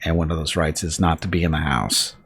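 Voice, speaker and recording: A man's voice: a bass voice, steady tone, brisk, a bit bright, breathy edge, dry recording. A male streamer chatting casually, telling a home anecdote with restarts and chuckles. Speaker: game streamer. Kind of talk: casual chat.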